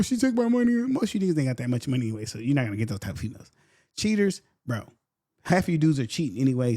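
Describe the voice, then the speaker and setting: A man hosting a podcast in casual, blunt commentary. He repeats his points and briefly mocks other people in quick voices. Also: medium pitch, dark tone, slightly rough. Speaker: podcast host.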